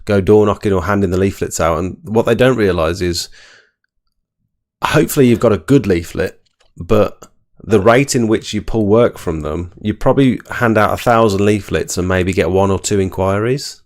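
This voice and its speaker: A man hosting a casual live podcast, giving measured, reflective advice. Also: on the low side. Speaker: host.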